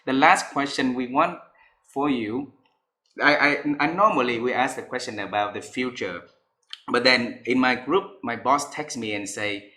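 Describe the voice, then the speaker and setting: A man's voice: mid-range voice, measured pace, pushed and bright, roomy sound. A man hosting an interview, effusive and full of praise, speaking with repeats and restarts. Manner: effusive, repeats and restarts, non-native grammar. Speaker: interview host.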